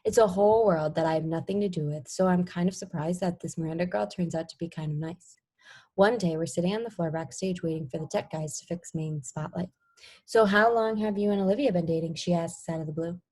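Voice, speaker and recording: A woman's voice: on the low side, fairly even intonation, fairly quick, warm tone. A woman reading a novel aloud in the first person, voicing the dialogue plainly with small slips and restarts. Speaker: reader.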